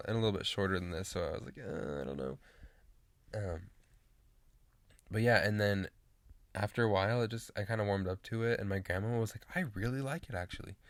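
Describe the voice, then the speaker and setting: A man's voice: on the low side, dry recording. A man in his late teens chatting casually to camera, rambling with lots of fillers and restarts. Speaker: vlogger.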